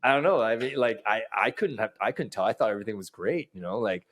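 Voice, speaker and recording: A young man hosts a relaxed podcast chat with a lively, swooping pitch. He teases his guest and laughs a lot, pressing her for stories. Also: fast. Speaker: podcast host. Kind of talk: casual chat.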